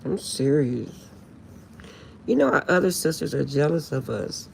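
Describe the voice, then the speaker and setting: A woman's voice: deep voice, very animated, measured pace, vocal fry, darkish tone, slight background noise. A woman chatting casually on a late-night live stream, laughing often and insisting she is serious.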